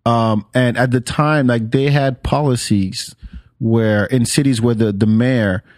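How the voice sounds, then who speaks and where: A man's voice: medium pitch, fairly even intonation, a little slow, a little mellow, no echo. Podcast host from Senegal, a man, mid-range voice, loose profane banter, dry booth. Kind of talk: casual podcast chat.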